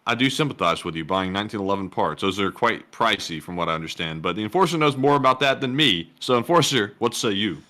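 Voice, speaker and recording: A man co-hosting a casual live stream, reading donation messages aloud and teasing in a relaxed way. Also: lowish voice, fast, few pauses. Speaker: co-host reading super chats.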